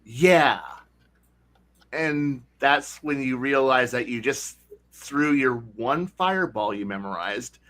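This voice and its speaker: A man hosting a casual podcast chat about tabletop games, talking animatedly and slipping into quick voices for players. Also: mid-range voice, pushed and bright. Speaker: podcast host.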